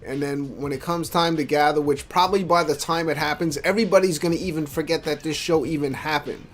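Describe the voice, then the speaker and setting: A drunk man hosting a podcast, trying to calm a dispute between friends. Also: fairly high pitch, quick pace, faint music behind. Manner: conciliatory, rambling. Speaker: podcast host. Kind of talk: casual podcast talk.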